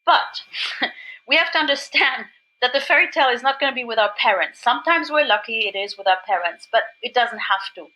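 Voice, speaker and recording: A woman's voice: fairly high pitch, expressive, pushed and bright, poor audio. A woman from Germany with a German accent, a podcast guest speaking English as a second language, telling her story with enthusiasm and many restarts. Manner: enthusiastic, rapid restarts and repeats. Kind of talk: animated recovery talk.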